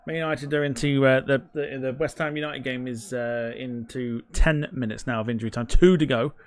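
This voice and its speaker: A man's voice: medium pitch, little pitch movement, fairly quick. Man ranting about a football match. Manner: heated, profane ranting at referees. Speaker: watchalong host. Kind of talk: live football watchalong reaction.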